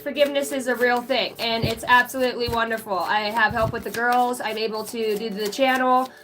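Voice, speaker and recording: A woman's voice: fairly high pitch, fairly even intonation, brisk. A woman with an American country accent hosting a casual psychic live stream, chatty and profane, greeting viewers in the chat by name.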